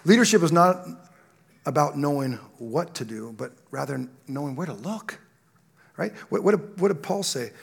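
A male pastor delivers a sermon in a gravelly, slightly high voice. He moves from quiet storytelling to loud, impassioned preaching, talking straight to his congregation. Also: expressive, normal speed.

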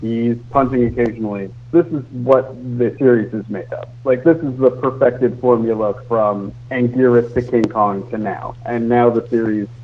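A man's voice: mid-range voice, fairly even intonation, moderate pace, hardly any pauses. A man in podcast chat with a mid-range voice, enthusiastic as he lists points one after another. The recording is dull and muffled, with a faint hiss underneath. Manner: enthusiastic, methodical listing. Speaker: podcast co-host. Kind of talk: casual chat.

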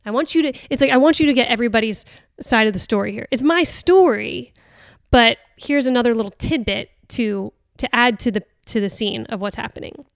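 A fairly high-voiced woman talks through a book on her podcast in a casual, earnest way. She stops and restarts often and leans on filler words. Her voice sounds smooth and close, with a dry, unechoing sound. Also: fairly quick, no echo. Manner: hesitant, many restarts and "like" fillers; earnest and chatty. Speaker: podcast host. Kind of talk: casual reflective talk on a book.

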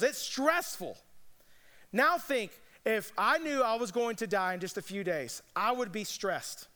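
A man's voice: sits high, expressive, measured pace, sharp tone. A man preaching a sermon as pastor, earnest but conversational, with casual asides. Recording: long reverb of a large hall.

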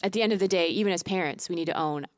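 Low-voiced woman podcast co-host. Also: very fast, no room sound, studio quality. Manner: candid, warm affirmations, laughs through lines. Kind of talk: casual faith podcast chat.

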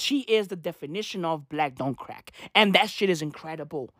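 A woman's voice: medium pitch, animated, brisk, hardly any pauses, dry recording, studio quality. A woman delivering a profane, sarcastic comic rant as a vlogger. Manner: profane, sarcastic, exasperated ranting.

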